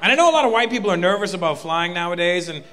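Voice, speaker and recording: Man, stand-up comic, high voice, bright tone, live hall reverb. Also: racing, some chatter behind. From Canada. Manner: animated storytelling, punchy exaggerated delivery. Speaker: stand-up comedian. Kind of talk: stand-up comedy routine. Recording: live hall with audience laughter.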